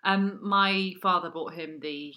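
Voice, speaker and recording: A woman in her thirties co-hosts a casual chat. Her voice sits low but rings bright and forceful. She teases her co-host with quick, playful quips. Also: steady tone. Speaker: podcast co-host. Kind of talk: casual chat, comic storytelling.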